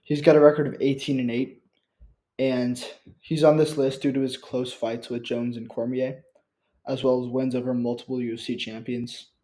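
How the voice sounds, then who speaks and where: Guy doing a chill one-take vlog into his computer mic, kinda stumbly, lots of ums, mellow voice. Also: mid-range voice, level tone. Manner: halting, with frequent fillers and restarts. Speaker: channel host. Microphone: built-in computer mic.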